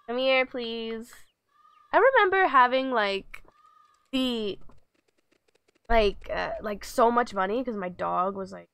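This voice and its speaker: A woman's voice: mid-range voice, a bit bright, clean tone. A woman streaming a pet video game, coaxing her virtual dog with giggly, chatty commentary. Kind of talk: casual game livestream commentary.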